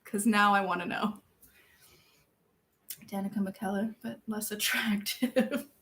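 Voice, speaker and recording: A young woman chatting casually with her viewers, self-deprecating and laughing often, jumping from loud outbursts to quiet mumbles. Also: mid-range voice, fairly even intonation, takes it slowly. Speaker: streamer reading viewer chat. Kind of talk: casual chat.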